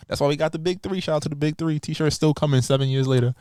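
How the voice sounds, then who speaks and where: A young man hosting a podcast, chatting casually and laughing, his voice leaping up in pitch when he gets excited. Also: quick pace, few pauses, dry recording, studio quality. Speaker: podcast host.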